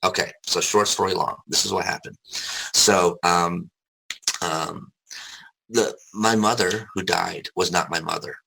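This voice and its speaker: A young adult man appearing as an interview guest shares personal stories candidly, swearing casually and restarting his sentences often. His voice sits low and gravelly, steady in tone and measured in pace, against a noisy background.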